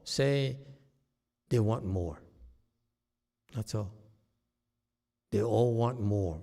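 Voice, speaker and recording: A man whose first language is Chinese, giving a slow, plain-spoken dharma talk as a meditation teacher, often checking in with "okay?". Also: mid-range voice, dark tone. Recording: long hall reverb.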